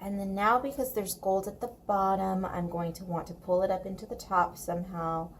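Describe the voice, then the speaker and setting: A woman's voice: medium pitch, fairly even intonation, normal speed, a little hiss or hum. A woman casually chatting at home as she colors on camera, playful and chatty. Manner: chatty and playful, baby-talks to her pet. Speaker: coloring video creator. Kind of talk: casual chat while coloring. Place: home room.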